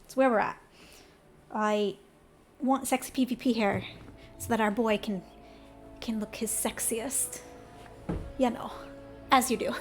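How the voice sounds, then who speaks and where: Woman streamer, casual gaming chat, high voice, talks to herself, faint music behind. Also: fairly even intonation, measured pace, pauses often. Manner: chatty and self-talking, mutters instructions to herself.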